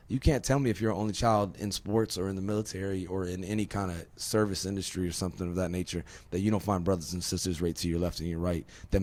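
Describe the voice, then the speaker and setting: Low-voiced dude from virginia hosting a podcast, rambly, swears a lot, keeps asking "right?". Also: male voice, darkish tone. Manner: emphatic, rambling, swears, rhetorical questions. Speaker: podcast host. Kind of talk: casual podcast conversation.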